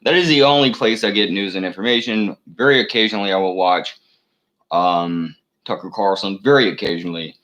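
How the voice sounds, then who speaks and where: A man's voice: on the low side, fairly quick, a bit bright, rough recording. A man delivering a rambling solo rant to camera, full of profanity, fillers and false starts. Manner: profane, meandering, many fillers and restarts. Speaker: channel host.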